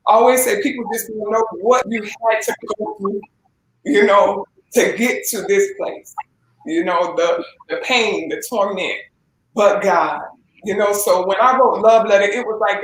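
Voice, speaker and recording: A woman giving a halting, emotional personal testimony as an interview guest, with many fillers and restarts. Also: mid-range voice, slight background noise. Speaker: interview guest, gospel singer. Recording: echoey room with faint ambience.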